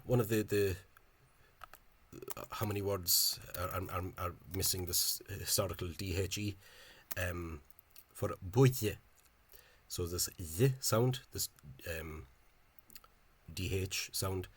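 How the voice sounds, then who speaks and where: A man explaining spelling in a casual, halting monologue. He is opinionated and often repeats words and fills gaps with hesitations. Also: low-pitched, breathy edge. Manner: opinionated, dismissive of official spelling. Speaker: language enthusiast explaining spelling.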